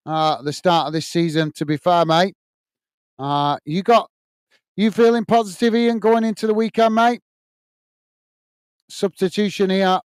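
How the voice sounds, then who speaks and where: A man from the United Kingdom hosts a casual, chatty live football watch-along, greeting viewers, reading out their messages and calling the play-by-play. His voice is smooth and slightly high. The sound is dry and close-miked with no echo.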